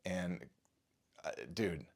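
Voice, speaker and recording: A man with a very low voice speaks to camera, visibly shaken. He stammers, restarts his sentences and curses now and then while recounting an experience that unsettled him. He sounds like a father telling the story right after it happened. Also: drawn-out words. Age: adult father. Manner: rattled, stammering, restarts and swears. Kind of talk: shaken first-person account to camera.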